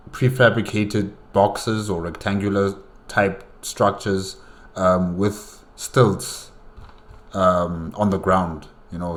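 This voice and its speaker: Slow, deep-voiced man musing casually. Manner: rambling, filler-heavy. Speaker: reaction video host. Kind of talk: casual commentary.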